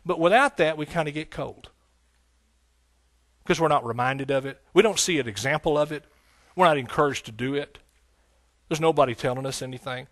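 A man's voice: on the high side, a little fast, dry recording. A man preaching a sermon to his congregation, folksy and conversational, building up to emphatic passages. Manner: folksy, rising to emphatic preaching with scripture quotes. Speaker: pastor. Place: church sanctuary.

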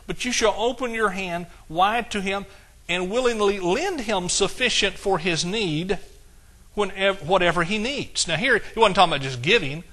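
Man, East Texas accent, middle-aged pastor, bright forceful tone, fairly high voice, folksy sermon. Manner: folksy, exclaiming, quoting scripture in King James style.

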